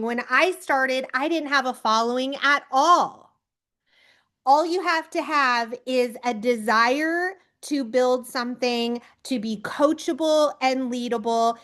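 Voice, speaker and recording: A woman leading a team training on a video call, giving an energetic pep talk and calling on people by name. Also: a little high. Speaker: team leader coaching recruits.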